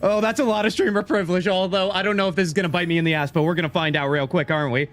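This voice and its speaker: A young man streaming gameplay live, excitable and teasing as he banters with his chat. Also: high voice, very fast.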